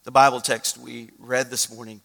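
A male pastor preaching a sermon, moving from loud urgent exhortation to a quiet, hushed story. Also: mid-range voice, flat delivery, moderate pace, creaky, in a large hall.

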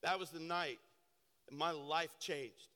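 Older pastor preaching in a reverberant hall. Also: male voice, on the high side, steady tone, slow pace. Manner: impassioned preaching, swinging from hushed to shouting. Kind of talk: sermon. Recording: church sanctuary reverb.

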